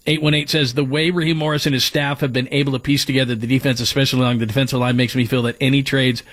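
A man's voice: mid-range voice, little pitch movement, rapid-fire, a bit bright. A man hosting sports talk radio, giving strong opinions as he runs through names and stats.

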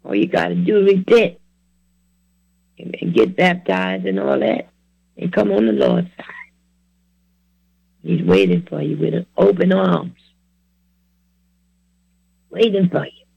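A man in his seventies preaches an earnest testimony sermon in plain, repetitive phrases, exhorting his listeners. His high voice is warm yet rough and breathy with heavy fry, and the recording is dry, muffled, and echo-free.

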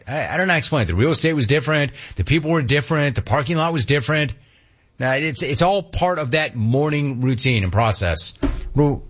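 A middle-aged man hosts a sports talk radio show and rants with lively, sarcastic swings. His voice is husky and moves up and down a lot. The broadcast audio is a bit dull. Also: on the high side, fairly quick. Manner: animated, sarcastic ranting.

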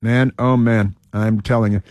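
A man's voice: on the low side, fairly even intonation, moderate pace, a little mellow, no echo. Guy hosting a talk show, rambles n repeats himself, dead dry studio sound. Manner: digressive, stumbling, repeats himself with many fillers. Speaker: radio talk show host. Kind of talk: rambling opinion monologue.

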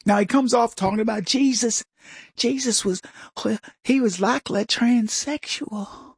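A man hosting a casual political commentary monologue, mocking and chuckling with lively asides. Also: extremely high pitch, measured pace, slightly rough, no echo, clean studio sound.

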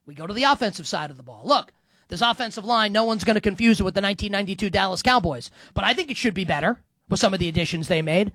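A man giving solo football commentary in an animated, sarcastic way, now and then breaking into sung snippets. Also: high-pitched, fast talker, no echo. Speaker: football analyst.

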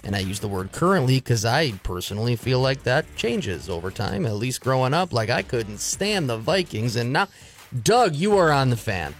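A man's voice: medium pitch, very animated, normal speed, soft background music. A man hosting a sports radio call-in show, jokey and conversational.

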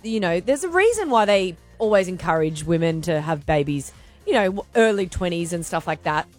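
A woman in her forties co-hosts morning radio and tells stories with an animated, sing-song lilt. She laughs often. Soft music plays under her voice. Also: on the low side, moderate pace. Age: 40s. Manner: chatty, laughing, animated storyteller. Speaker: radio co-host. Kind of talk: casual breakfast radio banter.

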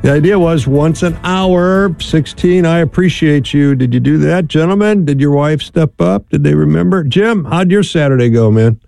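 Mellow-voiced folksy male radio host. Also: fairly high pitch, normal speed, gravelly, few pauses, no echo. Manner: chatty, folksy, laughs easily. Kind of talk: casual call-in radio talk.

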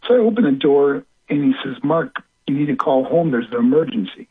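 A man's voice: medium pitch, lively intonation, slightly rough. A man, a former pro wrestler from the United States, telling a painful personal story with many halts and repeated words. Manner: halting, repeats words, breaks into cries and whispers. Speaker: guest, former professional wrestler. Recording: tinny phone line.

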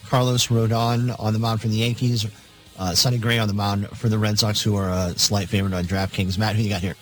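A man reading sports betting lines on a radio show, matter-of-fact, with halting fillers. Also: on the low side, level tone, soft background music, poor audio.

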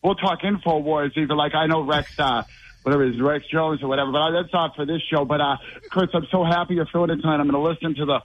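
Man, caller, rambling excitable chat, higher voice, muffled phone-in line. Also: quick pace.

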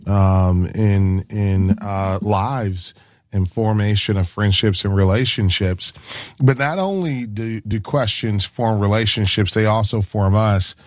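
Low-voiced enthusiastic radio host man. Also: unhurried, no echo, studio quality. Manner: enthusiastic, encouraging, promo-style pitches. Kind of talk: Christian call-in radio talk.

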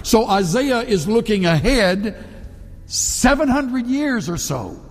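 A man delivering a sermon in a fairly high, slightly husky voice. He preaches earnestly and lifts his voice on quoted scripture, with a long reverb trailing behind him. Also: big pitch swings, slow, soft background music. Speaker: pastor.

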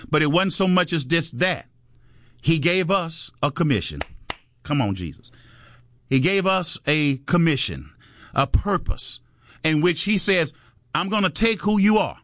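Male preacher, fervent and repetitive, slightly higher voice, dry recording. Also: animated, normal speed, a bit bright, no echo. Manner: fervent, repetitive call-and-response exhortation. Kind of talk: sermon.

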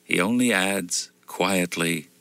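Male storyteller, low and forceful voice, measured and expressive, dry close recording. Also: creaky, dry recording, rough recording. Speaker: narrator. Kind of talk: audiobook storytelling.

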